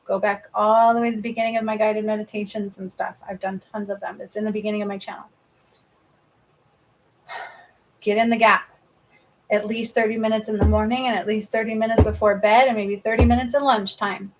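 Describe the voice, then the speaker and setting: A woman's voice: mid-range voice, flat delivery, fairly quick, a little hiss or hum, low-quality recording. A woman giving a live-stream spiritual card reading, talking emphatically, often checking in with "okay?" and swearing casually. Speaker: spiritual reader and healer.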